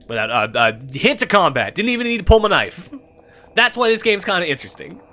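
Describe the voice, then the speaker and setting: Lively, high-voiced young man gaming. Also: fairly quick. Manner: animated, irreverent, swears freely. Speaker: gameplay commentator. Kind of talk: let's-play commentary.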